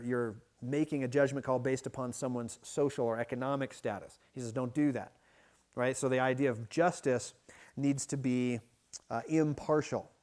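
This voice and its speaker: A man preaching a midweek Bible study sermon, teaching in a conversational way that is often broken by restarts and quick "right?" checks. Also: mid-range voice, a little mellow. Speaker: pastor. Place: church.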